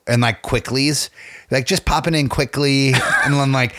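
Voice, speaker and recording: A man's voice: medium pitch, fairly even intonation, normal speed, a bit bright, no room sound, clean studio sound. A young man co-hosting a casual podcast, rambling with lots of fillers, joking and swearing. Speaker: podcast co-host.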